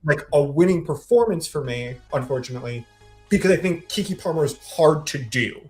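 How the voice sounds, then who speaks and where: A man's voice: on the high side, animated, a little fast, faint music behind. A man co-hosting a casual podcast, sharing opinions with frequent restarts. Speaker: podcast co-host. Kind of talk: casual chat.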